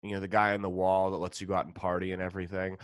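A man's voice: deep voice, monotone, racing, clear, resonant tone, no room sound. A man with an American accent, a stand-up comedian delivering a profane, sarcastic rant.

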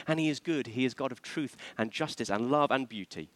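A man's voice: mid-range voice, a little fast, no room sound. A man preaching a sermon, asking the congregation questions and acting out the voices he quotes.

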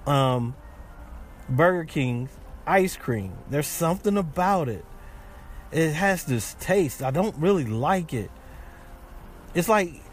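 A man hosting a casual podcast, chatting in a rambling way with many restarts. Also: fairly high pitch. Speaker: podcast host. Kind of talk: casual chat.

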